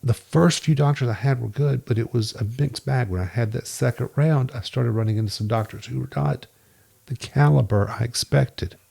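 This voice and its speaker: A man's voice: mid-range voice, moderate pace, creaky, husky. A man guest on a podcast, telling stories in a casual interview and acting out the voices of people he quotes. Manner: lively storyteller who acts out quoted dialogue.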